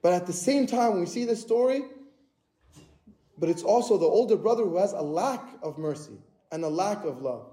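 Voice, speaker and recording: High-voiced guy giving an earnest sermon, mellow tone, roomy church echo. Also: animated, normal speed. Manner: earnest, repetitive, with restarts. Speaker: preacher.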